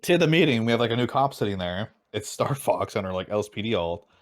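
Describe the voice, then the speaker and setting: Low-voiced man in casual chat. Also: fast. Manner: relaxed, swearing, quotes himself in stories. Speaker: podcast co-host.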